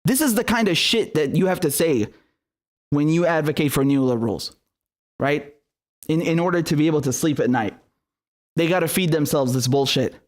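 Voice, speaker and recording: A man's voice: on the high side, expressive, normal speed, long pauses. Profane, sarcastic man ranting. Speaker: political commentator. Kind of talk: solo commentary rant.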